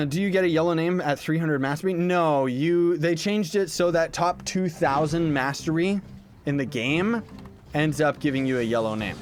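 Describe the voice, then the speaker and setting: A man's voice: a little high, moderate pace. Young man streaming games, playful. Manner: playful, joking, answers chat questions aloud. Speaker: game streamer. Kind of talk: casual livestream chat. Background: game background music.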